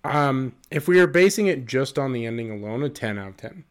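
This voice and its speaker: A young man co-hosting a casual movie podcast. He talks excitedly, swears often and fills his talk with "like". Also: medium pitch, a little fast. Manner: excitable, swears a lot, lots of "like". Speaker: podcast co-host. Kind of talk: casual movie review chat.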